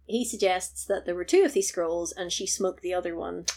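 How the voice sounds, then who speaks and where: A woman's voice: on the low side, moderate pace, creaky, mellow. A woman, co-hosting a casual podcast and animatedly retelling a film's plot, swearing freely and slipping into character voices. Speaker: podcast co-host. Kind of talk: casual film recap chat.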